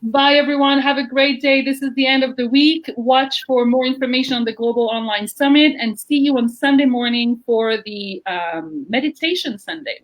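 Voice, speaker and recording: A woman's voice: a little high, a bit bright, rough recording. A woman hosting a live video-call interview, gushing and effusive in manner. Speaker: host of an online interview show. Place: at home in Jerusalem.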